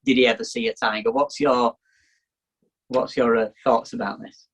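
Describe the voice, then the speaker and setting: A man's voice: medium pitch, fairly even intonation, normal speed, fairly bright tone, husky, poor audio. A man hosting a casual conversation as a musician, asking loose questions and chatting with fillers. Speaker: host, musician.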